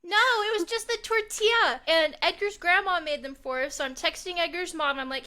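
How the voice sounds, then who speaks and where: A young woman from Texas co-hosting a podcast, chatting casually and telling stories, quoting others in lively bursts. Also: high-pitched, brisk, few pauses. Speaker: podcast co-host. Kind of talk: casual chat.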